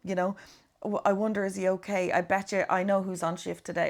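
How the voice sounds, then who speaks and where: A woman's voice: mid-range voice, flat delivery, brisk, vocal fry. A woman, hosting a podcast and chatting casually, self-mocking and full of fillers. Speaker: podcast host. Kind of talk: casual conversation.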